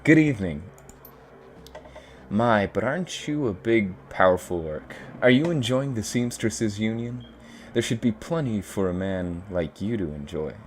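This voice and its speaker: A man's voice: on the low side, expressive, unhurried, a little hiss or hum. A man voicing a composed, guarded but playful woman who runs a bar, read aloud from a game.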